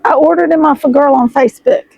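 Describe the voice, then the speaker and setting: A middle-aged woman, chatting excitedly to her viewers as she unboxes fabric, her voice hoarse and froggy. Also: high voice, fast, lo-fi sound. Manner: chatty, gushing, addresses viewers as y'all. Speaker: sewing vlogger host. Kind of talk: casual chat while unboxing fabric.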